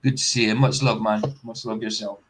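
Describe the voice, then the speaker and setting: A man's voice: fairly low pitch, level tone, brisk, fairly bright tone, slight background noise, low-quality recording. A man hosting a casual reaction stream, bluntly skeptical and firing off rhetorical questions. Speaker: host.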